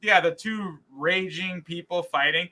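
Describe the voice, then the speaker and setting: A man co-hosting a podcast in casual chat, rambling and animated, with many fillers and restarts. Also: high voice, a little slow, over a noisy crowd. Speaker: podcast co-host.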